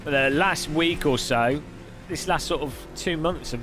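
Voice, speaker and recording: A man's voice: on the high side, measured pace, background noise. A man chatting casually on a live sim racing stream, reading viewers' messages aloud and laughing often.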